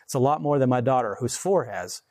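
A man in his forties preaches a casual, conversational sermon, chuckling between points. His mid-range voice is animated and a little mellow, and he slows down when reading scripture.

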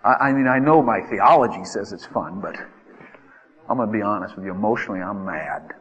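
A man preaching a sermon, acting out desperate pleas in a lively way. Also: fast talker, breathy edge, lo-fi sound. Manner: animated, acts out pleas with rising pitch. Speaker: pastor. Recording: reverberant hall.

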